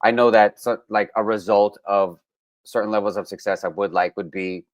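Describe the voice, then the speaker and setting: Low-voiced, smooth Brooklyn man. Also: normal speed, dry recording. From Brooklyn, New York. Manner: relaxed, with frequent fillers and restarts. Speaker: musician guest. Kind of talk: casual interview.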